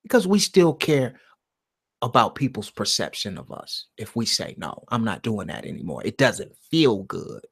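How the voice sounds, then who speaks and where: A man hosting a live stream alone, talking in a slow, meditative monologue that swings from loud emphasis down to a near-whisper. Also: fairly low pitch, wildly swooping pitch, gravelly, husky. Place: alone at home.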